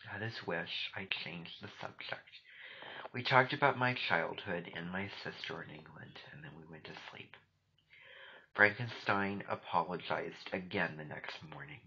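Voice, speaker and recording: Male narrator, low voice with a bright edge, hushed storybook reading; dull lo-fi audio with faint hiss. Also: a little slow, gravelly. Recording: dull lo-fi recording, faint noise.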